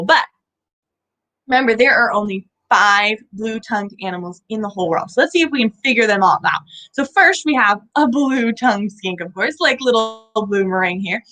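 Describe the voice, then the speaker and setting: The recording is rough, and the woman's medium-pitched voice comes across pushed and bright. She's young and hosts an animal program for young children, teaching playfully in a sing-song manner with sound effects and questions aimed at her audience.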